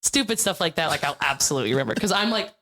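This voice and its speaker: A young woman from Iowa, a guest on a podcast, telling improv stories in a bubbly, animated way and laughing often. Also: sits low, rapid-fire. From Iowa, USA. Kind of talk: casual chat.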